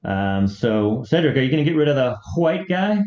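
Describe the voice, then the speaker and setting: Easygoing man with a mellow voice, echoey room. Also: mid-range voice, sing-song, normal speed. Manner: easygoing and self-deprecating, with hesitant fillers. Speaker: co-host of a music reaction channel. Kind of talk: casual chat reading viewer comments. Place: home, remote from co-host. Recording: echoey, muffled lo-fi room sound.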